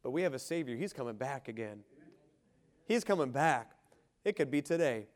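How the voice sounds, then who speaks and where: A man preaching a sermon with fervor, calling for amens, swinging from rising shouts to quiet, slowed lines. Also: mid-range voice, animated. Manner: fervent preaching, rising shouts and quiet drops, asks congregation for amen. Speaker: pastor.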